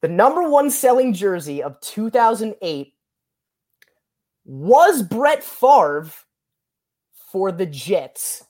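A man's voice: high-pitched, sing-song, a little slow, few pauses, a little mellow. Guy quizzing his buddy on football trivia, teasing, keeps saying sorry but doesnt mean it, lots of restarts. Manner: teasing, mock-apologetic, full of restarts. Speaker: podcast co-host running a sports trivia quiz. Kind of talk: casual chat.

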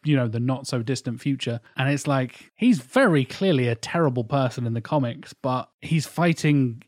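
A man chatting enthusiastically on a podcast, full of quick asides. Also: medium pitch, animated, darkish tone, dry recording, studio quality. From England. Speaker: podcast guest. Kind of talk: casual chat.

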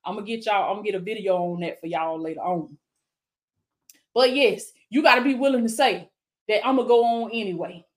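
Speaking fairly quickly in a medium-pitched voice, a woman life coach leads a live stream like a preacher, fervently repeating affirmations. She calls viewers "baby" and responds to them by name in call-and-response fashion.

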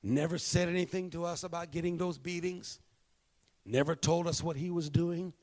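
A male pastor preaching a sermon, telling a story and moving between hushed, slow moments and emphatic bursts. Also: on the high side, fairly even intonation.

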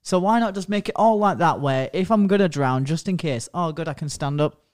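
Male co-host, high voice, rowdy and sweary, casual banter. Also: fairly quick. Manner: sweary, animated, laughing often. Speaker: podcast co-host. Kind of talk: casual chat.

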